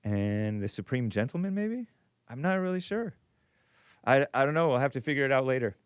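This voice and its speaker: Rambling call-in host, smooth dry voice. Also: male voice, medium pitch, lively intonation, fairly quick, no room sound, highs cut off. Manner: rambling, self-interrupting, chuckling. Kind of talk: casual radio call-in talk.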